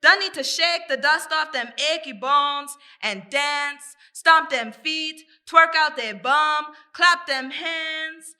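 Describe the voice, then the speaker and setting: Woman poet, spoken-word recital; high, crisp and bright, unhurried, rhythmic delivery. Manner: rhythmic, deliberate, repeating phrases. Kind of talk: spoken-word poetry performance.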